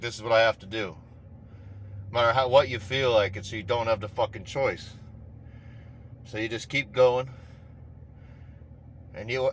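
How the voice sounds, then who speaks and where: A man's voice: mid-range voice, a bit bright. A man giving a casual, rambling motivational talk, swearing constantly and speaking with raw intensity.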